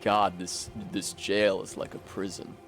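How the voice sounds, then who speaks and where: New england guy streaming a game, dry sarcastic jokes, swears a lot, yells when stuck. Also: low voice, little pitch movement, measured pace, soft background music. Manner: sarcastic and joking, swearing, bursts into shouts when frustrated. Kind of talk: casual gameplay commentary.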